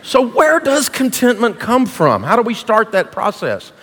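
A man's voice: very high voice, huge pitch swings, unhurried, a bit bright, a faint crowd. A middle-aged man preaching as a guest speaker to a church congregation, folksy, punchy and jokey. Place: church auditorium. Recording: long reverb of a large hall.

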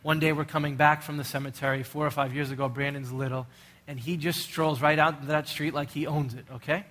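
A man's voice: fairly high pitch, fairly even intonation, a little fast, fairly bright tone. A middle-aged male pastor preaching a sermon in an earnest, urgent way, full of rhetorical questions.

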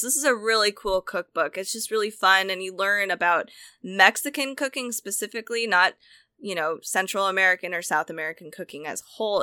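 In this dry recording, the cookbook co-host's mid-range voice has a sharp, clean tone. She talks enthusiastically in a casual chat, chatty and prone to restarts and self-corrections.

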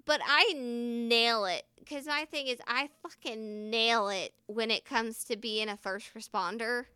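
A bright, clear-voiced woman talks in a loose, rambling way, swearing often and speaking her mind. She pitches a little high and sounds close and dry, like a casual vlog. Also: unhurried, no echo. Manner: candid, swears freely, rambling. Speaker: first responder.

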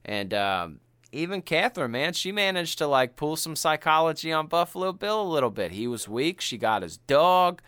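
A man's voice: on the high side, normal speed, smooth, no room sound. A man co-hosting a podcast, chatting casually and retelling a film with slang and profanity. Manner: animated and profane, slangy storytelling. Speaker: podcast co-host.

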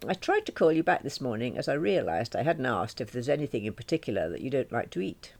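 A polite, attentive man on a date, voiced by a woman reading a novel. He speaks with courteous concern, his pitch rising and falling in lively turns. An everyday storybook voice. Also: fast, creaky, exaggerated voice.

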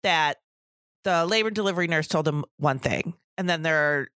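A middle-aged woman with a deep, fairly bright, clean voice co-hosts a casual podcast at a moderate pace, in a dry, studio-quality recording. A breastfeeding professional, she talks emphatically, with exasperated asides about working in a pediatric office.

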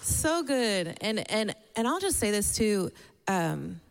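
Woman, church leader, slow delivery, gushing praise, echoey hall. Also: mid-range voice, very animated, creaky. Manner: enthusiastic, repeats praise, laughs. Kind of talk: warm encouragement to congregation. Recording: long hall reverb.

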